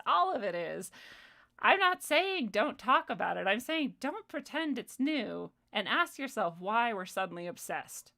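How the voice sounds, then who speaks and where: A woman's voice: on the high side, sing-song, normal speed, bright, forceful tone. A young adult woman hosting a livestream, ranting in a heated, profane way with sarcastic asides. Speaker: livestream host. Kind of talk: casual commentary monologue.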